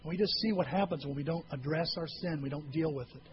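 A man's voice: fairly high pitch, quick pace, muffled recording, background noise. A male pastor preaching a sermon in a church, earnest and conversational, with frequent rhetorical questions.

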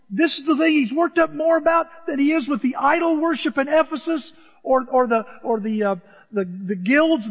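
A pastor preaching a sermon, building to emphatic outbursts and mimicking churchgoers' complaints in mocking voices. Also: male voice, very high voice. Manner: emphatic, rising to near-shouts on key words. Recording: dull audio with long church reverb.

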